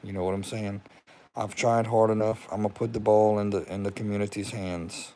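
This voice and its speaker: A young man talks casually to his livestream viewers from his home, greeting them one by one. His voice sits a little low, with energy that keeps building. A faint background noise hangs under the speech. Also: brisk. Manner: excited, talks to viewers by name, relieved. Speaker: livestream host. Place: home room with TV.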